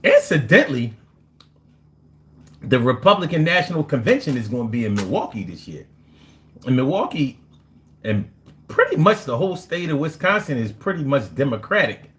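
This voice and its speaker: A man's voice: mid-range voice, sing-song, normal speed, pauses often, fairly bright tone, a little hiss or hum. A man hosting a casual live stream, reading chat and joking in a loose, slangy way with frequent laughs.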